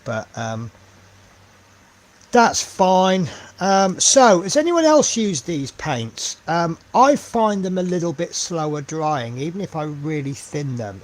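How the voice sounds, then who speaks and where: This man's voice sits on the high side. He's live streaming while painting miniatures, musing aloud in a relaxed way with plenty of ums and trailing side comments.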